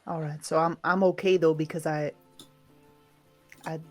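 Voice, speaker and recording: A woman playing a wary rural young woman in a tabletop game, who asks hesitant, halting questions. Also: deep voice, level tone, darkish tone, faint music behind. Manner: hesitant, filler-heavy questioning.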